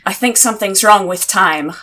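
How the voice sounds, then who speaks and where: Woman playing a softly confiding sailor. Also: mid-range voice, normal speed. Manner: soft, confiding, hesitant.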